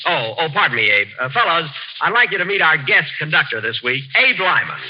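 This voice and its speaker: A man hosting an old radio comedy, vain and easily indignant, stumbling over uh's. His voice swoops up and down and sits a little high. The broadcast is dull and lo-fi, with faint hiss. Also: very animated, fairly quick. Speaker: comedian host.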